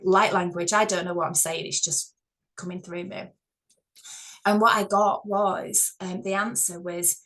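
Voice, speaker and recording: A woman's voice: medium pitch, poor audio. Candid, swearing woman. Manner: candid, swears freely, animated retelling. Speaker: spiritual vlogger. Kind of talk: casual spoken storytelling.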